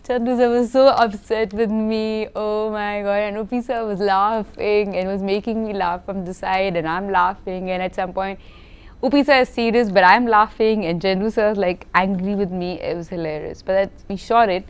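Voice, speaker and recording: A woman actress, telling stories in an animated, laughing interview chat and often repeating words. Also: medium pitch, normal speed, clean tone. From India. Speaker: film actress.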